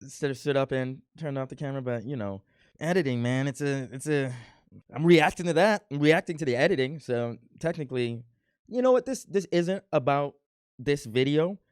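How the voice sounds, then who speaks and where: A man's voice: mid-range voice, expressive, moderate pace, smooth, no room sound, clean studio sound. A man casually commenting on his own old home video, joking and playfully boasting about himself. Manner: self-mocking, playfully boastful. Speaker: reaction video host.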